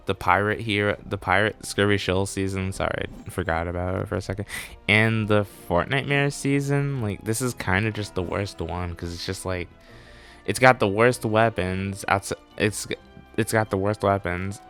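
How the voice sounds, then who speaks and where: A man's voice: sits low, steady tone, moderate pace, gravelly, a bit bright, soft background music. A man giving a rambling, self-correcting voice-over commentary on his gameplay, speaking offhand as a gaming channel host. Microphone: desktop mic.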